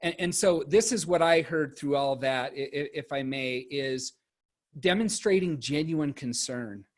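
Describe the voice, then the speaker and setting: A man moderating a virtual panel discussion over a video call, speaking haltingly and often repeating words as he restarts. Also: fairly high pitch.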